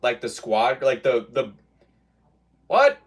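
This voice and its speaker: A man's voice: mid-range voice, wildly swooping pitch, takes it slowly, recorded from a distance. A man streaming from a basement gym, chatting loosely with his viewers and often restarting his sentences. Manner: rambling, restarts, mock-quotes chatters. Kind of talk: casual chat with stream viewers.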